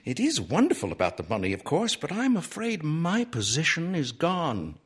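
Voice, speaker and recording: A man's voice: on the high side, wildly swooping pitch, normal speed, husky, pitched above the performer's own voice, exaggerated voice. A man reading the part of a prim, fussy woman librarian in a correcting, flustered way.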